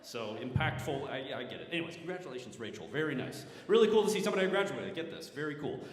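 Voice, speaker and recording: A man's voice: a little high, lively intonation, racing, slight background noise. A man in his thirties hosting an awards ceremony, joking with wry, self-mocking humor between presentations. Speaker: ceremony host. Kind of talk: joking emcee banter. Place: large hall at an awards ceremony. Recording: echoey hall with faint ambience.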